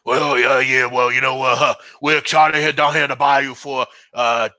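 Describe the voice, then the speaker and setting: A man putting on a rambling, hoarse, folksy older football coach. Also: mid-range voice, steady tone, moderate pace, bright, forceful tone, dry recording. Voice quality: hoarse, gravelly. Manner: rambling, rough-edged, folksy.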